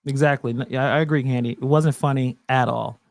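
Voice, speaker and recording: A man's voice: medium pitch, fairly even intonation, brisk, creaky, no echo. Scornful man reacting on a livestream. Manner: scornful, mocking. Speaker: streamer reacting live. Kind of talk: live reaction commentary.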